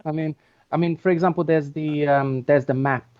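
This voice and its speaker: A man's voice: on the high side, fairly even intonation, moderate pace. Hesitant man over dull lo-fi audio. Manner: hesitant, lots of fillers and restarts. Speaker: co-host. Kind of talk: casual chat.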